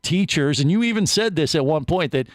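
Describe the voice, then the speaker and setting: A man's voice: fairly high pitch, a little fast, dry recording. A man hosting a casual radio talk show from a studio, telling a long story with lots of restarts and asides. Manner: animated storyteller, many restarts.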